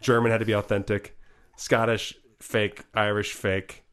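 A man's voice: lowish voice, level tone, unhurried, a bit bright, clean tone. A man co-hosting a comedy podcast who tells rambling stories with many fillers. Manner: rambling storyteller, frequent fillers. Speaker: podcast co-host, comedic actor. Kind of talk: casual comedy chat.

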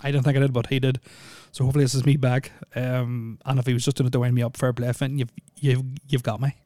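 A man's voice: mid-range voice, little pitch movement, fast, dark tone, no room sound. A man hosting a solo podcast, rambling with lots of ums and dry jokes. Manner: rambling, filler-heavy, joking. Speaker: podcast host. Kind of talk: casual solo podcast chat.

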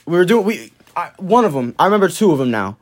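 A man's voice: sits high, big pitch swings, fast. Slangy young man with a raised voice. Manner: loose and profane, heavy slang, many fillers. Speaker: vlogger telling a story. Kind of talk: casual storytelling to camera.

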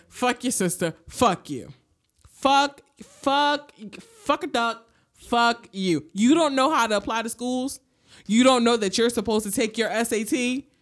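Profane, ranting young woman, higher pitched. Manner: profane, heated, sarcastic ranting. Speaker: podcast co-host. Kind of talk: casual chat rant.

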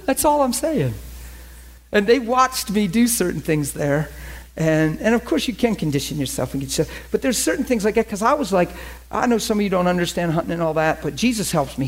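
A man in his forties, a preacher, telling stories in a sermon in a chatty, animated way and acting out the dialogue. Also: high voice, fairly quick. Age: 40s. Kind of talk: sermon storytelling.

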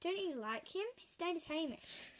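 Woman reading as a soft patient mum, reassuring, kinda high voice. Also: animated, unhurried, noisy background. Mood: gentle. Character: patient mother, gentle and encouraging.

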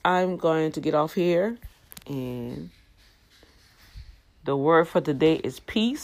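A woman in her fifties with an animated, exclamatory, preachy manner, talking casually about her faith to her viewers. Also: sits low. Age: 50s. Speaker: faith vlogger.

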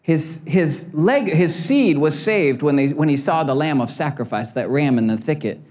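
Pastor guy in his 40s, preaching all fired up, pitch jumps around a lot, funny stories. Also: lively intonation, moderate pace, darkish tone. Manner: impassioned, storytelling with humor. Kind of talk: sermon.

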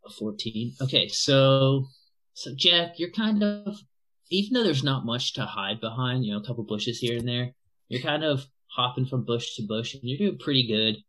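A man's voice: medium pitch, expressive, fairly bright tone, poor audio. Man running a tabletop game. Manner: halting, many restarts and fillers. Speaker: game master.

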